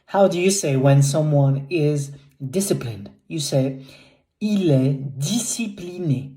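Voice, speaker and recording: A woman teaching French vocabulary, saying each word slowly and carefully and repeating it. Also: sits low, lively intonation, dark tone.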